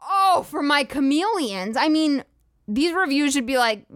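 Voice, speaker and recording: A woman podcast host rants in a profane, sarcastic and incredulous tone, swearing freely. Her voice sits fairly high, and the recording is dry and close, with little room sound. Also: animated, unhurried, a bit bright, dry recording. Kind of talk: comedic rant.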